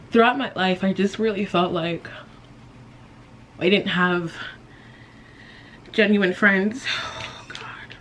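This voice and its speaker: A woman's voice: mid-range voice, a bit bright, a little hiss or hum. A young woman chatting casually while doing her makeup, emotional and close to tears, sighing and laughing nervously. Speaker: beauty vlogger. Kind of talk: casual get-ready-with-me chat.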